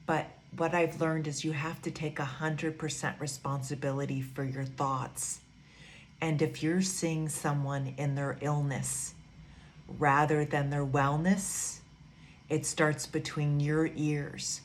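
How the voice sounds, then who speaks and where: A woman giving a gentle, soothing teaching talk, repeating phrases softly as she guides her students. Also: deep voice, steady tone, a little hiss or hum. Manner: soft, slow, repetitive, soothing. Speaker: spiritual teacher.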